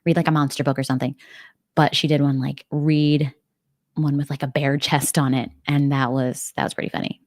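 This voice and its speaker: This bubbly American livestream host is young and fills her casual chat with "like" and little giggles. She speaks a bit fast in a low voice that barely moves in pitch, captured in clean, dry studio sound.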